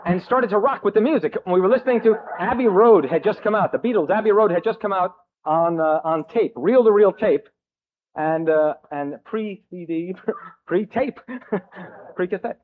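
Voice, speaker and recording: A man from New Jersey telling his own recovery story to a meeting, halting and self-mocking, with jokes between restarts. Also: high-pitched. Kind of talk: personal recovery story told to a crowd. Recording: thin, phone-like old tape.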